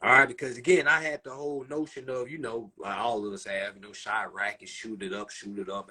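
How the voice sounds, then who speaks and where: A young Southern man from South Carolina telling a profane, animated story to his livestream viewers. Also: on the low side, fairly quick, hardly any pauses, slightly rough. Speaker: livestream host. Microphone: phone.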